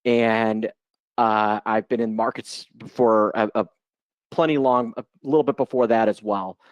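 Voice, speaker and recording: A man's voice: lowish voice, fairly even intonation, a little slow, no room sound, dull audio. A man in his forties from Chicago, giving a loose, joking live webinar talk as an options trader over a video call mic. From Chicago, United States. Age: 40s. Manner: chatty and joking, loose unscripted delivery. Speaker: guest presenter, options trader.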